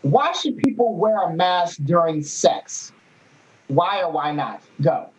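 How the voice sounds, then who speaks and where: A man's voice: high-pitched, expressive, slow pace. A man hosting a live-streamed show, talking loosely, joking and laughing often. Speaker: host. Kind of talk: casual live-stream chat. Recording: muffled lo-fi audio.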